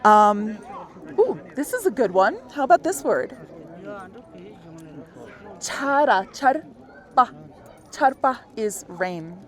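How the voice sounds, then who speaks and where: Lady giving a chatty language lesson outside, bit high voice, laughs a lot. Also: big pitch swings, slow pace, pauses often. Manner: friendly, explains step by step, laughs often. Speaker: language teacher. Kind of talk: casual outdoor lesson. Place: outdoors in a busy public place. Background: onlookers in the street.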